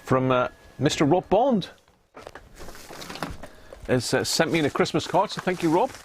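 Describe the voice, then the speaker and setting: A man's voice: on the high side, expressive, a little slow, slight background noise. A man hosting a casual live stream from his home workshop, chatting loosely, laughing at himself and trailing off with ums. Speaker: radio restoration livestream host.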